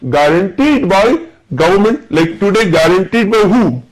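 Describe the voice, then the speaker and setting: A man's voice: sits high, animated, normal speed, low-quality recording. A man with an Indian accent, teaching a classroom lecture and often asking the students whether they are following. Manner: checks understanding with repeated questions.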